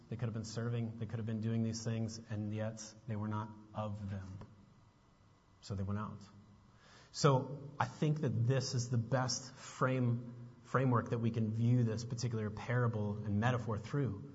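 A man preaching a sermon as a pastor, moving between relaxed chat and pointed, emphatic questions. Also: on the low side, husky. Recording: muffled sound with long reverb.

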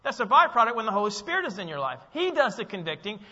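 Emphatic high-voiced pastor preaching. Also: male voice, sing-song, fast talker, sharp tone. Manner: emphatic, rising to stress key words. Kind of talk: sermon. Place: church sanctuary. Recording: dull sound with long church reverb.

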